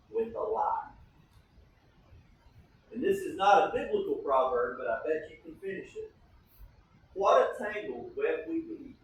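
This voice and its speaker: Preacher in an echoey church hall. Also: male voice, fairly high pitch, a bit bright, recorded from a distance, a little hiss or hum. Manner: conversational teaching, often asks the congregation "right?". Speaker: pastor. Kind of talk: sermon. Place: church sanctuary.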